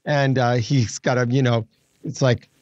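A man's voice: medium pitch, fairly even intonation, measured pace, a little mellow, dull audio, slight background noise. A man in his seventies chatting as a guest, laughing easily and restarting his sentences. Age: 70s. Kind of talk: casual chat.

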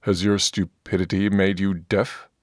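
A man voicing a gruff, bullying male dwarf priest in an audiobook, scornful and pompous. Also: deep voice, level tone, unhurried, dry recording, clean studio sound.

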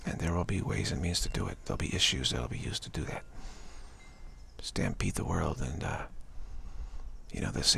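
Deep, gravelly, husky-voiced man. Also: moderate pace, pauses often, a little hiss or hum. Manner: rambling, gentle, repetitive phrasing with frequent "you know". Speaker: spiritual speaker. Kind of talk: spiritual talk monologue.

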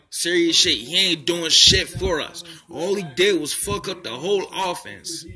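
Pissed off philly guy cussing nonstop about his team, bright sharp voice kinda high. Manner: profane and heated, repeats himself. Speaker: sports fan vlogger. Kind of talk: angry fan rant.

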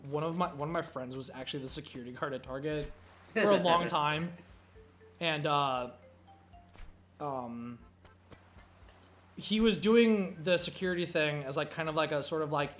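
A young man with a voice on the high side, a bit bright, tells casual stories while hosting gameplay commentary. The talk is rambling, profane, and thick with fillers, over faint game music.

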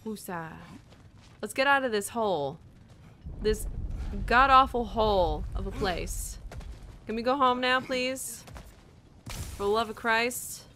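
Woman streamer swearing at a game, bright high voice, slow drawl. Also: a little hiss or hum. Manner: profane, frustrated, rambling. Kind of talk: casual gameplay commentary.

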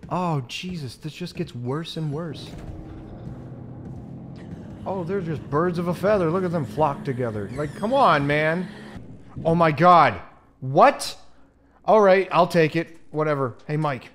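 Young male let's-player, jumpy and loud, high-ish lively voice, light hiss. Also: unhurried, long pauses. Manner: excitable, swears and yelps at scares. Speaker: gamer. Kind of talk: let's play commentary.

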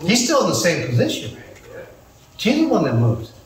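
Man, pastor, high voice, lively joking sermon, echoey church from far off. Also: moderate pace. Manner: lively, joking preaching with asides to the congregation.

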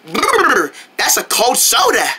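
A woman runs through homemade parody cartoon commercials, hopping from one silly voice to the next. Her pitch swoops all over and sits a little high. The tone is bright with a breathy edge. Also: huge pitch swings, slow, slight background noise. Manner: playful, jumping between put-on character voices and shouted cries.

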